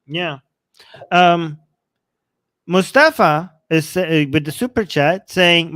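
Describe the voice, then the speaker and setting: A man's voice: on the high side, slow pace, long pauses, a bit bright, dry recording. A man hosting a casual talk show, conversational and hedging as he reads viewer comments and questions his co-host. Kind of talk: casual debate chat.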